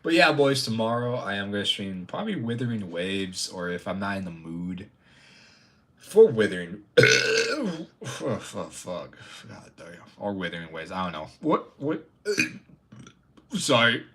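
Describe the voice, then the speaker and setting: Young male streamer, loose profane banter, swings his pitch around a lot. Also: animated, a little slow. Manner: rambling, profane, jokey, talks to chat, bursts into loud mock outrage. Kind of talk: casual live-stream chat.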